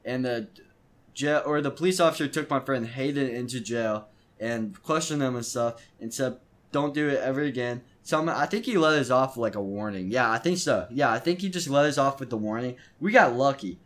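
A man's voice: mid-range voice, animated, moderate pace, a bit bright. A teenage boy hosting his own podcast, telling a story in a loose, rambling way with lots of stumbles and restarts. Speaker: podcast host. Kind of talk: casual storytelling monologue.

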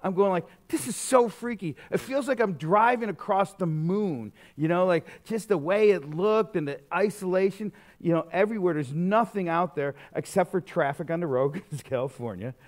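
A man's voice: high voice, moderate pace, few pauses. A middle-aged man preaching a sermon, casual and conversational, telling stories with lots of fillers and restarts. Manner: animated storytelling, conversational with many fillers. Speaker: pastor.

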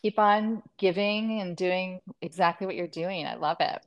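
A woman's voice: fairly low pitch, normal speed, dull audio. A woman hosting a podcast, talking casually and enthusiastically, often gushing over her guest. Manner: enthusiastic, gushing, many fillers. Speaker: podcast host, matchmaker.

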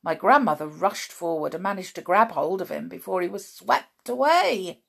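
A woman storyteller reading a children's book chapter aloud and chatting about it afterward in an animated way. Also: on the low side, normal speed, vocal fry, slightly rough. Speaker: podcast storyteller.

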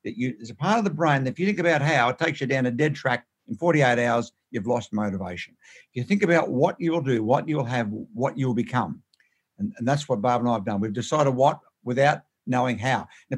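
A man's voice: mid-range voice, lively intonation, brisk, slightly rough. A man, a guest in an interview, telling anecdotes in an emphatic way, often repeating words and restarting phrases. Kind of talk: animated anecdotal storytelling.

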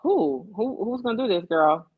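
A woman's voice: mid-range voice, moderate pace, husky, dry recording, narrow, tinny audio. A woman co-hosting a casual podcast, telling stories with lots of acted-out quotes, speaking. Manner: animated storytelling with acted-out quotes. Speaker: podcast co-host. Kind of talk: casual chat.

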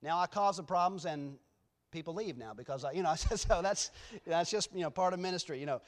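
A man's voice: fairly high pitch, a little fast. A man speaking as a guest preacher in a church, telling rambling, self-deprecating stories with many restarts before his sermon. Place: church sanctuary.

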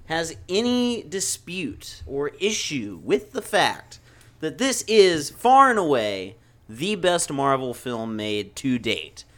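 A man's voice: a little high, a bit bright. A man co-hosting a casual film podcast as the comic relief, making jokey, emphatic rants.

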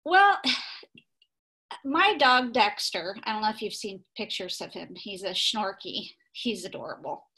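A woman's voice: medium pitch, lively intonation, takes it slowly, sharp tone, rough recording. A woman from Saint Louis, a guest on a podcast, talking about her work in a chatty way with many ums. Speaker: guest, pet photographer. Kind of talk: casual interview.

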